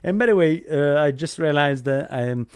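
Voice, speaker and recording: A man's voice: on the high side, moderate pace, a little mellow, smooth, dry recording. A man hosting a live online event over a video call, speaking English as a with frequent fillers and restarts. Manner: hesitant, many fillers and restarts. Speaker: host.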